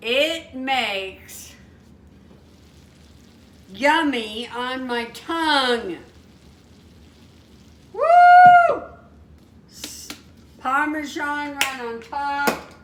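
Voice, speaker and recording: In her home kitchen, a high-voiced woman shows a recipe in a casual cooking demo, talking slowly yet chatty and excitable, exclaiming often. A frying pan sizzles in the background, and the distant mic picks up an echoey kitchen and frying noise.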